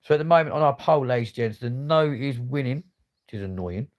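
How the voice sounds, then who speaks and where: A man's voice: mid-range voice, animated, brisk. A man chatting casually on a livestream, swearing freely in laddish banter. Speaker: livestream host.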